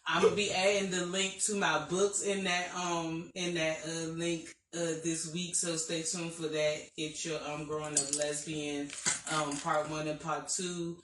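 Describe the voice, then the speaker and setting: A woman co-hosting a casual live-stream chat, relaxed and trailing with frequent ums. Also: low voice, measured pace. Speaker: podcast co-host. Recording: roomy, distant mic, faint noise.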